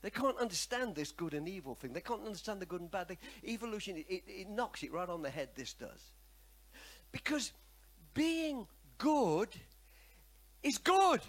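Man preaching, high voice, very lively swings in pitch, calls for congregation response. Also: brisk. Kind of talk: sermon with personal testimony.

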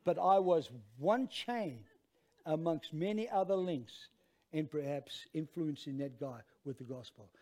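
A man with an Australian accent, a pastor telling a lively, self-mocking story as part of his sermon. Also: a little high, measured pace.

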